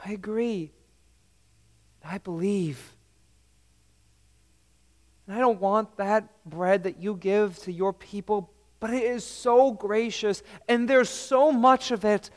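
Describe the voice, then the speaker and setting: A man preaching in a high voice, speaking in the first person as a humble, pleading mother who asks only for crumbs. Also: in a large hall.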